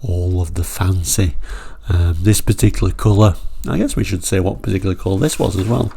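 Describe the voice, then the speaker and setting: A low-voiced man with a gravelly, mellow tone. He talks casually through old car brochures, digressing freely and then steering himself back to the point. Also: fairly quick. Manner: chatty and rambling, digresses then pulls himself back on track. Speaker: channel host.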